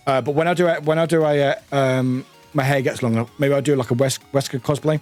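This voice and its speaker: This game streamer speaks fast, with a medium-pitched, darkish voice and fairly even intonation, faint music playing behind him. Casual and giggly, he trips over words and keeps restarting the text he's reading out.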